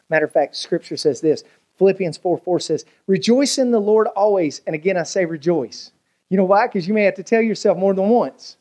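A man, a pastor preaching a sermon in a folksy, storytelling way with big swings in pitch. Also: lively intonation, fast talker, dark tone, dull audio. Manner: folksy storytelling preacher, swooping pitch, colloquial Southern grammar.

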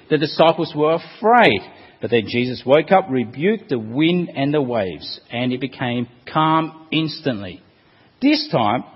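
A man preaches a sermon in a fairly high, husky voice that swings widely in pitch. He asks rhetorical questions and quotes scripture with emphasis. The sound is dull and lo-fi, with a long reverb tail from the hall.

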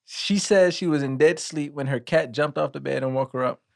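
A man's voice: on the high side, normal speed, gravelly. A man co-hosting a casual podcast, reading a news story aloud with dry comic timing.

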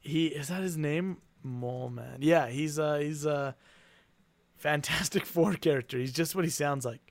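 Joking man with a slightly high voice. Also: dry recording. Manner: easygoing, quick to joke. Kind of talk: casual comedic chat.

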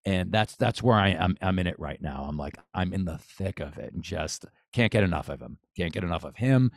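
Low-voiced man, enthusiastic boxing coach. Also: expressive, fairly quick, creaky, dry recording, studio quality. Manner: enthusiastic, rambling with restarts. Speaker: boxing coach, podcast guest. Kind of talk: casual interview chat.

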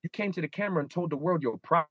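A man in his thirties, a guest in a casual interview, tells stories animatedly and acts out his own inner dialogue. His voice is a little high, bright and husky, and he talks at a racing pace. The recording is muffled, with no room sound.

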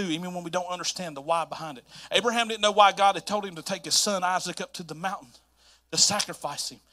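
A man from North Carolina with a Southern accent, preaching a sermon as pastor in an animated storytelling manner that repeats phrases for emphasis. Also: high voice.

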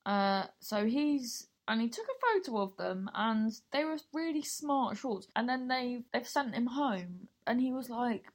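A woman's voice: a little high, expressive, a little slow, hardly any pauses. A young adult woman comedian telling stories in a casual, rambling way, full of asides and swearing. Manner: rambling, chatty, swears freely, lots of fillers and asides. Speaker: stand-up comedian. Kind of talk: casual storytelling chat.

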